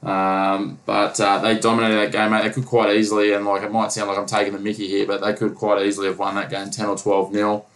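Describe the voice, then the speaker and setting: Male podcast co-host, low and even, rambling with fillers. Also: brisk, hardly any pauses, rough recording. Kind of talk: casual sports chat.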